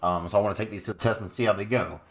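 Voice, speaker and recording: A man's voice: lowish voice, fairly even intonation, rapid-fire. A man hosting his own channel, giving casual, laid-back commentary on a card game deck with frequent fillers.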